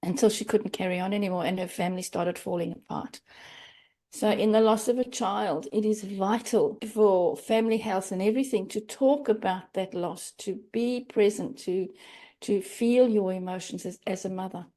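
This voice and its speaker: A woman's voice: mid-range voice, moderate pace, dark tone. A middle-aged woman speaking earnestly as a guest in a podcast interview, acting out quoted phrases. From Australia. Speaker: grief coach, guest.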